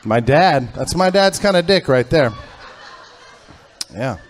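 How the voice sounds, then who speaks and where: A man's voice: a little high, takes it slowly, slight background noise. Man doing a stand-up comedy set. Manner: storytelling, builds to loud animated punchlines. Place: comedy club stage.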